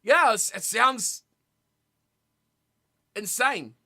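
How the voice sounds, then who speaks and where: A young man streaming a rugby watch party, commentating on the play and chatting casually with his viewers, with sudden loud reactions. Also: very high voice, animated, extremely slow, creaky. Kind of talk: casual live commentary and chat.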